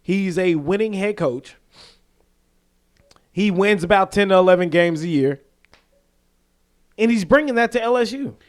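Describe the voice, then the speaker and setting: A man from the American South co-hosting a casual sports podcast, animated and quick to act out quotes and laugh. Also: high-pitched. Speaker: podcast co-host.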